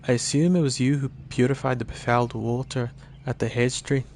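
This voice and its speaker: A man's voice: medium pitch, fairly even intonation, brisk, a little mellow, slight background noise, natural voice. A man voicing a stately male elf conjurer in a put-on mix of Scottish and Irish accents, speaking in a solemn, formal way. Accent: mixed Scottish-Irish put-on. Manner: solemn, formal old-fashioned speech. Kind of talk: voicing game dialogue on stream.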